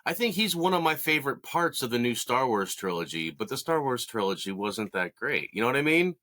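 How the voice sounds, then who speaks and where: A man's voice: medium pitch, sing-song, a little fast, sharp tone. A man co-hosting a casual movie review podcast, chiming in with easygoing, joking remarks. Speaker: podcast co-host.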